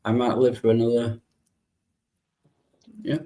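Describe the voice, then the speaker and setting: Slow-talking laughing man on a stream. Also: medium pitch, completely flat delivery, mellow. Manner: laughs often, self-mocking, swears. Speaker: livestream co-host. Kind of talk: casual chat.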